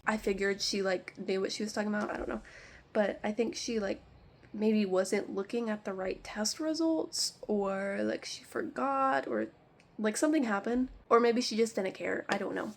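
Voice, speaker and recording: A woman vlogger talks straight to camera, telling a story in a loose, rambling way and sprinkling "like" through nearly every line. Her tone is exasperated and candid, at a medium pitch, with a faint hiss of noise underneath. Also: moderate pace. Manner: rambling and exasperated, heavy use of "like". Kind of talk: casual storytime chat.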